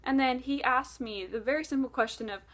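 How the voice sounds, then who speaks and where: A woman tells a long story to her camera in a chatty, animated way, scattering "like" through her sentences. Her voice sits a little higher than most women's. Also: a little fast. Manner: chatty, animated, many "like" fillers. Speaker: vlogger.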